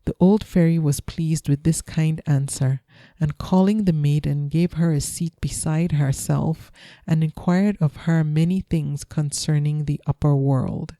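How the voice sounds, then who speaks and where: A woman reads a folktale in a slow, soothing bedtime style. Her voice is very dark and mellow. The sound is close and dry. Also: low voice, fairly even intonation, no room sound. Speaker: storyteller. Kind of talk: calm bedtime story reading.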